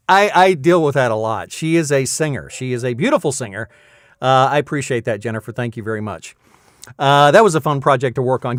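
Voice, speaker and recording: With a mid-range voice, lively intonation and a moderate pace, a voice actor in his fifties hosts his weekly vlog from an insulated home booth. The recording is dry and studio quality, and he keeps things chatty, lapsing into playful mock announcer hype for a hammy giveaway.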